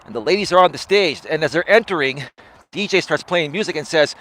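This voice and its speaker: A man's voice: a little high, lively intonation, a little fast, fairly bright tone. A man in his forties, a life coach hosting a live stream, talking in a chatty monologue and tagging his lines with "right?".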